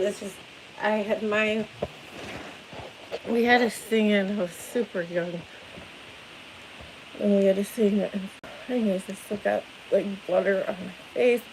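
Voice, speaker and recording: A woman's voice: medium pitch, noisy background. A woman in her thirties, a parent chatting casually on a livestream, tired after no sleep, rambling and swearing freely. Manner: rambling, swears freely, yells playfully to wake her kid.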